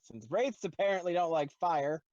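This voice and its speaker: A man's voice: fairly high pitch, moderate pace, a little mellow, no echo, highs cut off. A man playing in a live tabletop game, describing his character's actions with playful energy. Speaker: player. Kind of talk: casual game table talk.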